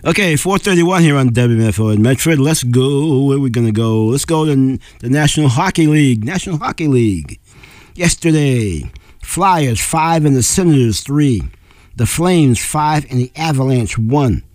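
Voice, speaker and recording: Man, radio sports announcer, hoarse edge, dry close studio sound, steady score reading. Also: mid-range voice, no room sound. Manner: plain, unhurried score reading with fillers and throat clearing. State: losing his voice.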